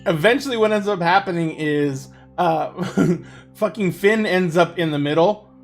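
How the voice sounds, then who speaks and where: Giggly lower-voiced woman game master. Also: moderate pace, faint music behind. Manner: laughs often while narrating. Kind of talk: narrating a tabletop game.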